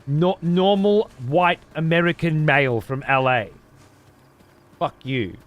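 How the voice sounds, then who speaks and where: A man's voice: a little high, takes it slowly, phone-quality sound. A man giving casual gameplay commentary as a streamer, profane and sarcastic.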